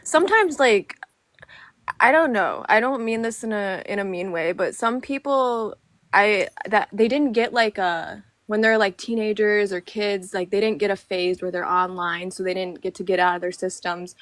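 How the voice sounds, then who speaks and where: A woman in casual chat, relaxed and talking with many fillers. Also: mid-range voice, normal speed, no room sound.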